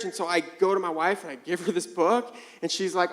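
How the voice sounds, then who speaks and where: A young male pastor preaching with a high, bright voice. He tells his stories in an animated way, acting out both sides of a conversation before turning to scripture. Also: a little fast. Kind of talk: sermon.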